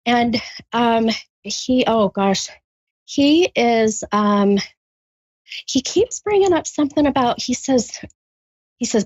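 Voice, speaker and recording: A woman doing a psychic reading for a caller, halting with many ums, then bursting into gushing excitement. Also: a little high, dry recording, muffled recording. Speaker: psychic medium. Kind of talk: live spirit reading with a caller.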